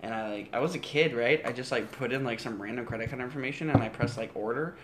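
A man's voice: medium pitch, quick pace, a bit bright, slight background noise. A man in casual chat who talks loosely, swears freely and slips into mock voices when he retells things.

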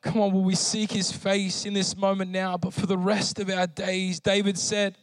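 A man's voice: high voice, level tone, normal speed, no echo. A man preaching a sermon with emotional testimony, pleading and impassioned as he leads prayer in church. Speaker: pastor.

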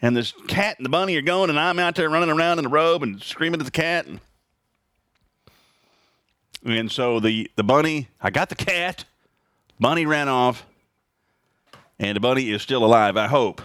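A man hosting his own podcast, talking casually and sarcastically in an animated opinion monologue from home. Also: normal speed, long pauses, smooth, no room sound, studio quality. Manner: animated, sarcastic, jumps high in pitch for emphasis. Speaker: podcast host.

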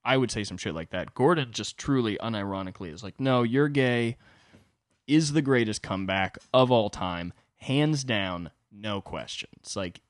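Animated, rambling young man hosting a podcast. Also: fairly low pitch, moderate pace, hardly any pauses, no room sound, studio quality. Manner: animated, profane, rambling asides. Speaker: podcast host. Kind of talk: comedic storytelling monologue.

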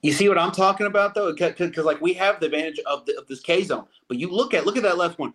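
Rambling sports-talk man, slightly high voice. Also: fast talker, a bit bright. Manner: rambling, many restarts and fillers. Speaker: sports podcast co-host.

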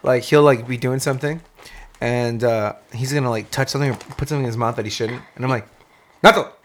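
A father chatting casually, animated and slangy, with sudden loud outbursts. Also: medium pitch, fast, slight background noise. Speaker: parent. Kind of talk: casual chat.

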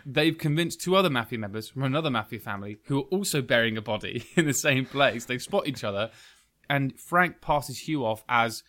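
A man's voice: medium pitch, animated, brisk, sharp tone. Male co-host, enthusiastic and giggly film chat. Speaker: podcast co-host. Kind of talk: casual film review chat.

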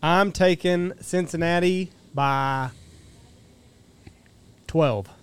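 Brash man with a smooth higher voice. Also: drawn-out words. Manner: confident, brash predictions. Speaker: podcast guest. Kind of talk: casual sports chat.

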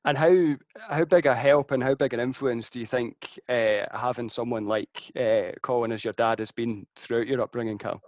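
A male interviewer with a medium-pitched voice leads a relaxed sports chat. He asks his questions conversationally, leaning on little fillers and hesitations, and his voice sounds dry and close with no room echo. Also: moderate pace, hardly any pauses, dull audio. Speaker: interviewer, host.

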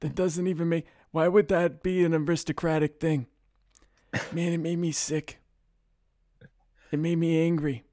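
Brooding old colonel, done by a man as a comic impression: mumbled, deadpan, slightly high voice. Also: no echo, studio quality, lightly acted. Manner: slow, mumbling, keeps repeating the listener's name. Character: brooding menacing older male army colonel. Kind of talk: comedic impression on a podcast.

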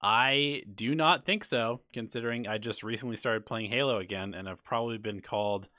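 A man hosting a casual podcast chat, reading viewer questions and making measured, reasoned points. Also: medium pitch, sharp tone, no echo.

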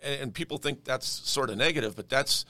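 A man's voice: mid-range voice, fairly quick, pushed and bright, no echo. A man who flips houses, being interviewed on a podcast, talking emphatically and often repeating words as he starts a thought. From Denver area. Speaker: real estate investor guest.

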